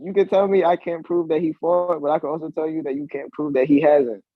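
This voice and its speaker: A man's voice: fairly high pitch, little pitch movement, fast talker, dry recording, phone-quality sound. A man chatting casually in a laid-back way as a co-host. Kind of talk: casual chat.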